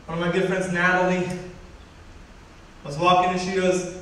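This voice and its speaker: A man's voice: sits high, normal speed, recorded from a distance, a little hiss or hum. Young man telling a story, echoey hall. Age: young adult. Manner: animated storytelling, acting out quoted voices. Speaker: student speaker. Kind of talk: personal story talk.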